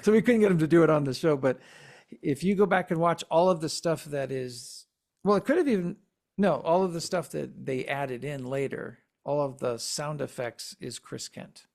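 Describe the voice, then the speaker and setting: A man hosting a podcast in casual chat, talking haltingly with many repeated words and fillers. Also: fairly high pitch, creaky, a little mellow. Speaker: podcast host.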